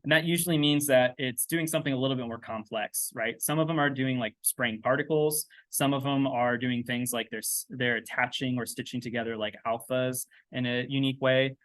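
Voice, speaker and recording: A man walks through a texturing demo in a loose, chatty way, full of ums and quick asides. His voice sits at an ordinary middle pitch. The sound is dry and close, with no room around it. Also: steady tone, a bit bright, dry recording. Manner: loose and chatty, thinking aloud with many fillers and "right?". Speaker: 3D texturing instructor. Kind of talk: casual software tutorial. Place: indoors at a laptop.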